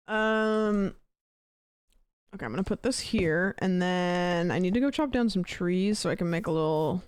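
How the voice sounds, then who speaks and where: A young woman streaming a game, reading chat questions in a croaky, sleepy-sounding, tired voice, rambling and sarcastic with plenty of swearing. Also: mid-range voice, animated, unhurried, no room sound. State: tired voice, talking quietly.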